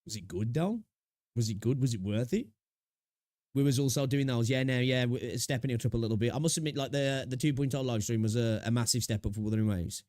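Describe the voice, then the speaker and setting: A man's voice: mid-range voice, fairly quick, darkish tone, no room sound, studio quality. A young man chatting casually on a live stream, reacting to videos, talking to his chat with slang and frequent laughs.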